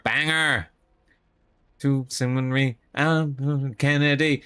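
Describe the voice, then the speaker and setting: A young man streaming live, tipsy and chatting casually in a rambling, excitable way, full of restarts. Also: medium pitch, a little slow, smooth.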